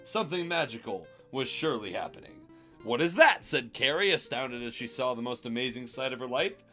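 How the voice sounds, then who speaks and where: A man streaming a comedic reading of fanfiction, delivering it with amused deadpan. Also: medium pitch, a little fast, faint music behind.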